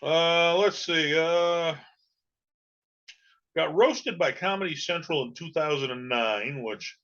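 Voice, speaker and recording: A man's voice: a little high, slow, a bit bright, lo-fi sound. A man from New England hosting a podcast, talking casually and rambling with many fillers. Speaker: podcast host. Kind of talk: casual solo podcast talk.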